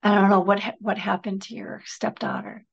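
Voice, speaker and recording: A woman guest speaker telling a story in an interview, often dropping to a soft whisper. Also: medium pitch, level tone, normal speed, creaky, husky, lo-fi sound. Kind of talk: conversational interview.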